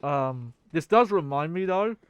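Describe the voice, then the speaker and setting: A man streams a video game, rambling chattily with his viewers, swearing and laughing as he goes. His voice is a little high, expressive, and unhurried, with a clear, resonant tone and no echo.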